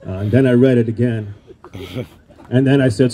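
A man's voice: mid-range voice, steady tone, normal speed, a crowd in the background. A man telling a rambling, self-deprecating story in an acceptance speech at a hall of fame induction. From Illinois.

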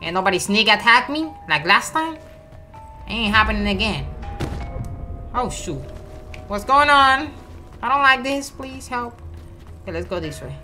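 Excitable trash-talking woman gamer, lively pitch. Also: measured pace, long pauses. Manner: excitable trash-talking, shouts taunts at enemies; slangy, swears often. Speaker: gaming channel host. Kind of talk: let's play commentary. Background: game music.

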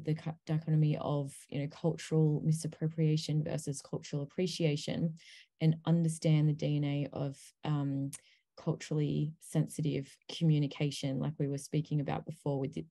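A woman speaks on an online panel with a low, mellow voice. She walks through a course one part at a time, filling pauses with ums. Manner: many ums, steady explaining pace.

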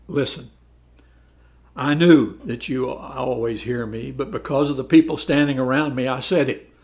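A man with a slightly high, darkish voice leads a Bible study lesson. He reads verses aloud, then comments on them conversationally, often repeating words as he goes.

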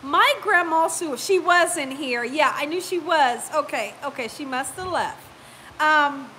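A woman's voice: high-pitched, expressive, a little hiss or hum, poor audio. A woman hosting a casual live cooking stream, chatting and laughing as she reads viewer comments aloud, with a lingering cough. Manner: chatty, warm-hearted, quick to laugh. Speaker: cooking channel host.

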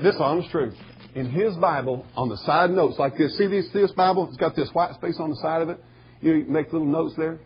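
A man preaching a sermon in a folksy storytelling way, with a husky voice. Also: a little high, lo-fi sound. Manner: folksy storytelling, rising to shouting bursts. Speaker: pastor.

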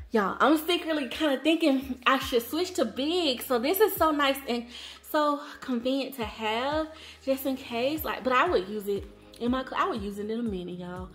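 A young woman vlogger gushing through an excited unboxing chat, repeating her words and calling out to her viewers. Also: sits high. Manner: gushing, repeats words, says y'all a lot. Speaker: planner vlogger.

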